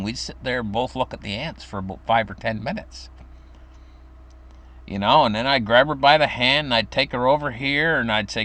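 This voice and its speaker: An older man casually recounts a childhood story, rambling with fillers and restarts. He talks briskly in a slightly bright voice, performing quoted voices in a high pitch.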